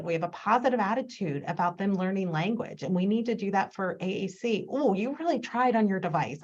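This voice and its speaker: A woman's voice: medium pitch, darkish tone. A woman giving a conference presentation as a speech therapist, acting out sample prompts to a client as she explains. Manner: demonstrating with acted-out prompts to a client. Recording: dull lo-fi recording.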